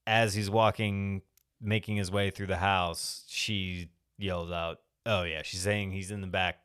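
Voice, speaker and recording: Deep smooth-voiced man recapping a film. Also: level tone, measured pace, a bit bright. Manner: rambling retelling with profanity. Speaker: podcast co-host. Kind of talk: casual movie recap chat.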